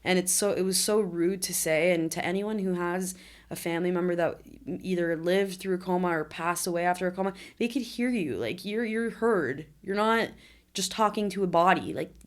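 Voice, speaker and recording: Earnest young woman, low voice. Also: normal speed. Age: 20s. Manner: candid, earnest, often emotional storytelling. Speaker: podcast guest. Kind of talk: conversational interview.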